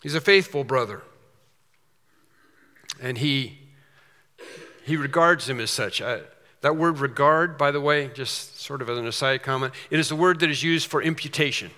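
A man preaching an expository sermon, emphatic, slowing down and repeating phrases for stress. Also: medium pitch, sharp tone. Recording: long hall reverb.

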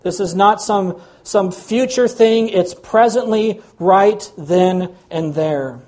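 A man's voice: high voice, takes it slowly, a little mellow. A man preaching a sermon in an earnest, emphatic way. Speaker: pastor.

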